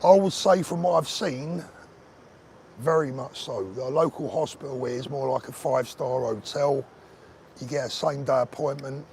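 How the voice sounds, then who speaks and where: A man's voice: mid-range voice, normal speed, vocal fry, a little mellow, a little hiss or hum. A man hosting a casual live stream while walking outdoors, chatting to viewers by name in a bantering way. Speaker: vlogger host reading live chat. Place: outdoors on a street.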